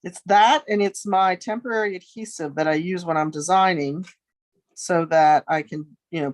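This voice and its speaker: A woman's voice: deep voice, moderate pace, no echo. A middle-aged woman giving a casual craft tutorial from her home studio, chatting and thinking aloud as she works. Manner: chatty, friendly asides, thinks aloud while working. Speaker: crafting demonstrator.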